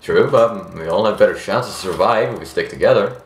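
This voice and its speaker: Man doing a heartbroken, swearing Aussie widower for a game dub, higher and louder than his own voice. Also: fairly quick, echoey room, slight background noise, lightly acted. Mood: bitter. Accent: put-on Australian. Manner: swearing, despairing, calls everyone mate. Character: grieving foul-mouthed widower man, Australian.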